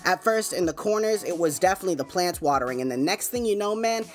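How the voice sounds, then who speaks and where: A man's voice: high-pitched, animated, fast. A man hosting his own podcast, telling a story in a laid-back, chatty way, full of fillers and asides. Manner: laid-back, chatty, many fillers like "man" and "you know what I'm saying". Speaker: podcast host. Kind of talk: casual storytelling monologue. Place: home.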